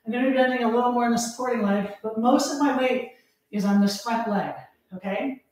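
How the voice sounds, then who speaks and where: A woman's voice: on the high side, a little fast, darkish tone. A woman fitness instructor leading a live workout, counting reps aloud, out of breath and laughing at herself. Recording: echoey room, voice from a distance.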